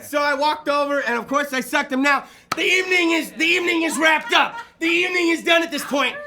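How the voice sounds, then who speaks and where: Brief: excitable, profane male comic, high gravelly voice, shouts punchlines. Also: fairly quick, few pauses. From Fresno area, California. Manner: loud, crude, excitable, often shouting and laughing. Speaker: comedian. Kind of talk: stand-up storytelling.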